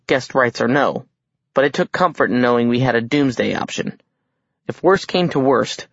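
Male audiobook narrator, wry, mid pitch, dry and slightly muffled recording. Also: no echo.

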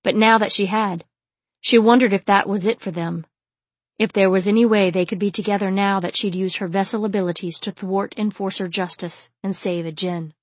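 A woman narrating a novel in a steady, measured reading voice. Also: medium pitch, no room sound. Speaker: audiobook narrator. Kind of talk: scripted fiction narration.

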